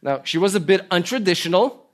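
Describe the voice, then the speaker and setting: A man delivers a sermon in an earnest preaching manner. His voice sits a little higher than most men's. He moves between stories and rhetorical questions to the congregation. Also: expressive, fairly quick. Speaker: pastor.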